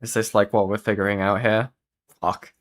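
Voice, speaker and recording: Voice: low-pitched, flat delivery, moderate pace, a little hiss or hum. A streamer reacting to a video in casual chat, laughing a lot and swearing freely while keeping their voice down at home at night. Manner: keeps voice down to avoid waking others.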